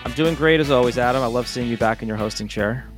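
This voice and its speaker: A man's voice: medium pitch, quick pace, music in the background. A man co-hosting a podcast, talking in an upbeat, chatty way. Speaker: podcast co-host. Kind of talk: casual podcast chat.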